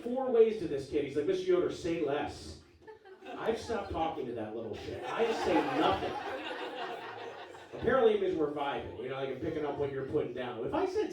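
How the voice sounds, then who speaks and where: A man in his forties works a live comedy audience with punchy, profane punchlines. His voice sits slightly high and sounds far from the mic in a very echoey club. A crowd laughs clearly behind him. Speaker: stand-up comedian. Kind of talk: stand-up comedy set.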